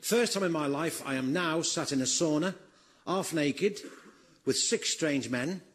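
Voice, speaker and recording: A man telling a stand-up routine in a deadpan way, as a guest comedian. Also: on the high side, a little slow. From Northern England. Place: radio show stage with live audience. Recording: noisy live radio recording.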